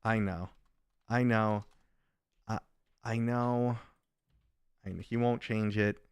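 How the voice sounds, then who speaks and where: A man's voice: on the low side, fairly even intonation, slow pace, clear, resonant tone, no echo, clean studio sound. A middle-aged man chatting casually on a live stream, rambling and joking while reading viewers' comments aloud.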